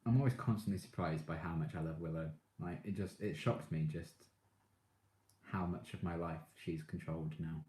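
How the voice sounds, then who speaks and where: A deep-voiced man hosts a relaxed live stream, chatting with viewers and getting excitable as a fan. He laughs often between comments. The sound carries a roomy echo. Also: normal speed. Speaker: live streamer reading chat. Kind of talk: casual live-stream chat.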